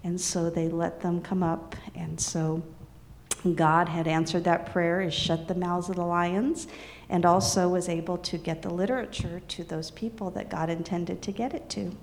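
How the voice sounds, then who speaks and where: A woman telling a serialized story in an unhurried, soft-spoken way. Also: fairly low pitch, little pitch movement.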